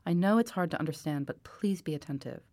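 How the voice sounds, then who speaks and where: A woman reading the lines of a gentle, earnest old man who speaks patiently and firmly. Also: deep voice, fast, no echo, clean studio sound, close to an everyday voice. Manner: patient, apologetic, firm.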